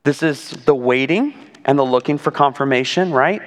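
A man of medium pitch and normal speed preaches a conversational sermon as pastor, filled with rhetorical asides, questions, and a frequent "right?" The audio has the long reverb of a large hall.

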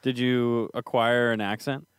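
A man's voice: mid-range voice, little pitch movement, measured pace, clear, resonant tone, no room sound, clean studio sound. A man hosting a casual podcast, joking and laid-back. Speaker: podcast host.

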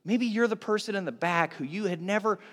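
A man preaching a sermon as pastor, telling the story with animated swings from loud bursts to hushed asides. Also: high voice, brisk, in a large hall.

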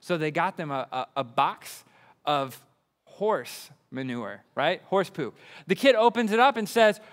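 A young man preaching with bubbly enthusiasm. His voice sits a bit high, and it rings out through a reverberant hall. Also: measured pace. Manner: enthusiastic, excitable. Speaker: pastor. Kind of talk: sermon.

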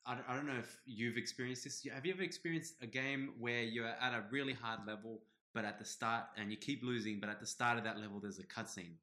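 A man in his twenties co-hosting a podcast, telling stories in a relaxed, casual chat. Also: mid-range voice, fast talker, hardly any pauses. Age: 20s. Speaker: podcast co-host.

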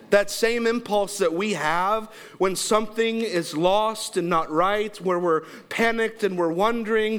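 A man in his thirties preaching a sermon in a church, telling a family story with lively acted-out quotes and laughter. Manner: animated storytelling, acts out quotes with big pitch jumps, laughs along. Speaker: pastor. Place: church sanctuary.

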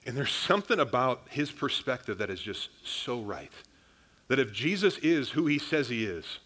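A man's voice: mid-range voice, expressive, normal speed, bright, forceful tone. A young man, a pastor, preaching a sermon in a casual, conversational way, often calling the congregation "guys" and restarting his sentences.

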